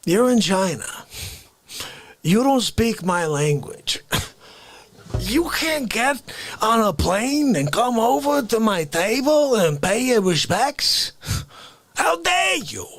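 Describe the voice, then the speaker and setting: A man voicing a loud, indignant middle-aged New York mobster who demands respect, in a put-on New York accent. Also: high-pitched, big pitch swings, takes it slowly, long pauses, voice pushed up, exaggerated voice. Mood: outraged. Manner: outraged, escalating shouts. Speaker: comedian.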